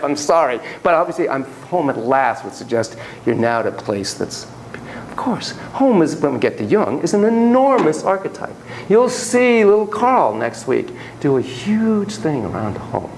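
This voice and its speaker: A man's voice: mid-range voice, a little hiss or hum, rough recording. A man giving a classroom lecture on child therapy, acting out quotes in shifting voices.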